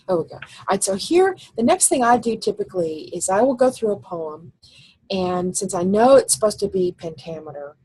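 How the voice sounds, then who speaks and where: A woman's voice: medium pitch, very animated, moderate pace, dark tone, husky, low-quality recording. A woman teacher giving a recorded slide lecture, explaining step by step and thinking aloud with fillers.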